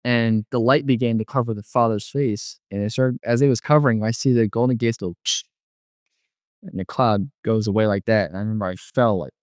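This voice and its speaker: A man's voice: lowish voice, fairly quick, a little mellow, no echo, studio quality. A man casually telling a personal testimony, rambling with many fillers and restarts. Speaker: guest telling a near-death story.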